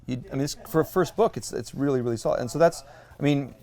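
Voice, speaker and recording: A man's voice: mid-range voice, fast talker, a little mellow. A man hosting an interview podcast, chatty, often restarting his sentences. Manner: chatty, reads quotes aloud with restarts. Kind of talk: casual interview chat.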